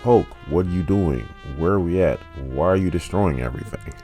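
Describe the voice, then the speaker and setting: Give me a desperate, agitated Bruce Banner, dark-toned, as a man puts him on. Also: deep voice, lively intonation, a little fast, soft background music, voice pushed up. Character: desperate, anguished male scientist Bruce Banner.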